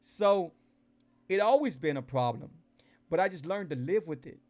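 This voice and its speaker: A man with a slightly high voice chats on a livestream. He speaks in a lively, folksy way and often repeats himself. He keeps turning to the viewers to address them directly. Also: normal speed. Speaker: keto weight-loss vlogger. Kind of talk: casual livestream chat to followers. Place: indoors, livestreaming.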